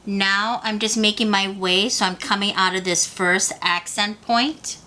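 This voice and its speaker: A woman's voice: medium pitch, fairly even intonation, a little slow, pushed and bright. A woman teaching a beading tutorial, patiently talking the viewer through each step. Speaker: beading instructor.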